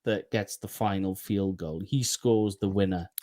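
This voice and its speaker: A man co-hosting a sports podcast in easygoing casual chat, agreeable and a little halting. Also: low-pitched, fairly even intonation, warm tone. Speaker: podcast co-host.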